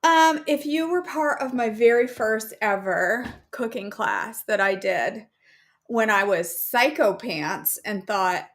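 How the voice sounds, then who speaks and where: A woman's voice: on the high side, lively intonation, slow pace, a bit bright. A woman hosting a casual live cooking show from her home kitchen, chatting playfully with her viewers. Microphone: camera on a counter.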